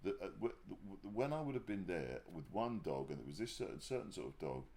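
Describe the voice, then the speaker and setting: Lively low-voiced man in candid conversation. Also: vocal fry. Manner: halting, restarts sentences, then grows animated telling anecdotes. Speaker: interview guest. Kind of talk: casual reflective conversation. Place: livestream conversation.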